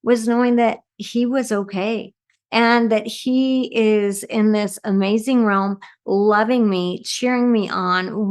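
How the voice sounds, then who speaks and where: A woman who works as a medium, talking earnestly about grief and compassion in an interview, often ending with "right?". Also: medium pitch. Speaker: medium and speaker. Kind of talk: reflective talk in an interview.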